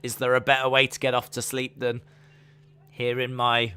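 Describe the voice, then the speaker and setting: A man's voice: mid-range voice, monotone, moderate pace, sharp tone, clean tone. A man with an English accent casually chatting on a live stream, reading out viewer comments in a rambling, self-deprecating way. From England. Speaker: wrestling watch-along streamer.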